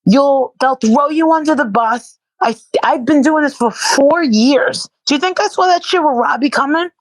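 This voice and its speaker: A woman being interviewed in casual chat speaks at a moderate pace in a voice that sits high. She's sore and worn out from protesting, and she talks bluntly and profanely, repeating herself in bursts. There's no echo, though the recording is low-quality.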